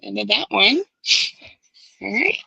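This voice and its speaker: Woman, host, casual book chat, animated retelling, swears casually, bright forceful voice, dry sound. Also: mid-range voice, takes it slowly, gravelly, slightly rough, no room sound, muffled recording. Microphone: online stream setup.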